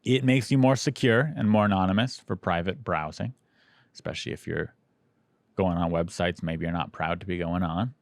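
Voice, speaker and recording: A male podcast host with a lowish voice, trading teasing banter and reading ads. His voice is dry and close, with no room around it. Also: normal speed, no room sound. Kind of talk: casual chat and ad read.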